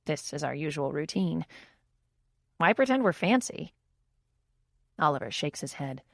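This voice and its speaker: A woman's voice: low voice, sing-song, measured pace, vocal fry, dry recording. A woman reading a first-person audiobook in a wry, intimate inner-monologue manner, close to the mic. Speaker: audiobook narrator.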